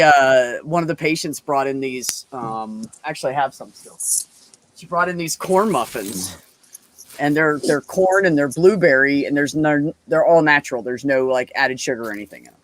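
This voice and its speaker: A man in casual chat with a co-host, telling animated stories and swearing freely. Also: a little high, a little fast. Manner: animated storyteller, swears freely, acts out quotes. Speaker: podcast co-host; medical office worker.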